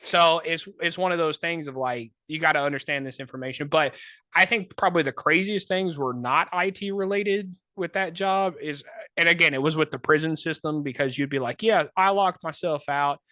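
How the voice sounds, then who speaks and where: A man co-hosting a podcast, telling casual, animated stories full of "like" and put-on voices. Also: on the high side, fairly quick, dry recording. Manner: animated, filler-heavy anecdotes with many put-on voices. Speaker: podcast co-host. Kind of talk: casual storytelling chat.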